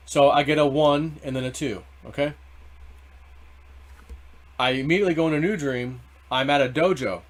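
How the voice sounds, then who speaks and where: A man hosting a casual crypto video, rambling through a dream story with many restarts. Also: fairly high pitch. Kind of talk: casual monologue.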